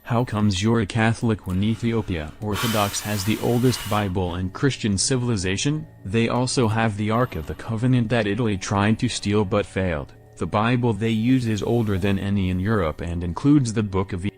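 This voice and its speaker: A man's voice reading donation messages aloud in a flat, even manner. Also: lowish voice, normal speed, hardly any pauses, faint music behind.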